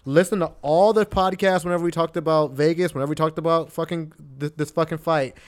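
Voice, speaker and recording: A man's voice: a little high, fairly even intonation, fast talker, smooth. A young man co-hosting a casual podcast who insists on his point, repeating himself and swearing. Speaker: podcast co-host.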